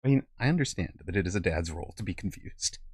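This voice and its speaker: A man's voice: deep voice, lively intonation, fast, darkish tone, slightly rough, no room sound. A middle-aged man streaming a strategy game, chatting playfully, thinking aloud about his moves and laughing often. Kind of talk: casual game commentary.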